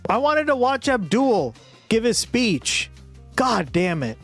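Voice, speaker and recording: Slow-talking, swearing streamer, a man. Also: very high voice, soft background music. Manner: profane, drawn-out excited reactions to chat. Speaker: livestreamer. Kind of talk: live stream reaction commentary.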